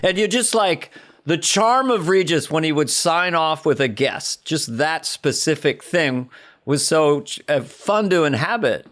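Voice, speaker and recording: Animated comedian chatting casually. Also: male voice, fairly high pitch, a little slow. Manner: animated, reflective, laughs easily. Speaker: host, comedian. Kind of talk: casual chat.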